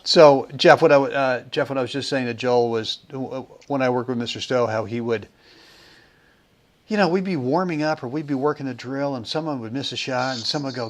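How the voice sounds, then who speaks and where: A man hosting a casual podcast, telling stories in a chatty way with repeated words and animated quotes. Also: medium pitch, moderate pace. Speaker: podcast host.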